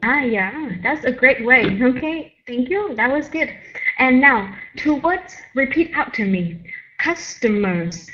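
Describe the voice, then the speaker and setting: A woman's voice: sits high, lively intonation, a little slow, pushed and bright, lo-fi sound. A woman teaching English, patiently correcting a student's intonation and modeling sentences. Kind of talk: pronunciation coaching.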